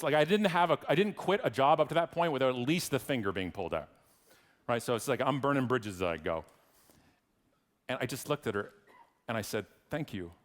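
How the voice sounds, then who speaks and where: Man, middle-aged, keynote storyteller; lively pitch, plays every character, shouts in bursts. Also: big-room sound. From Canada. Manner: animated, acts out voices, loud bursts of shouting. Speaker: keynote speaker. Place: large conference hall.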